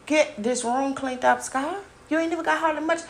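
A woman podcast host ranting casually to her listeners, loud and emphatic, swearing constantly and calling them y'all, talking into a phone as she walks around her house. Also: high voice, normal speed, a little hiss or hum. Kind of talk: casual profane rant to listeners. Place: at home, walking around the house.

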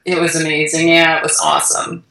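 A woman, the founder of a food company, telling a lively story in a conversational interview, acting out voices and using lots of "like" fillers, recorded in her office. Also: deep voice, fairly quick, vocal fry. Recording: echoey room, voice far from mic.

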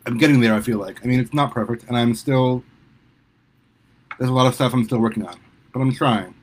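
A man voicing a sheepish young male superhero who talks haltingly to his mother. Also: medium pitch, natural voice. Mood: hesitant, earnest. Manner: halting, hesitant, lots of restarts.

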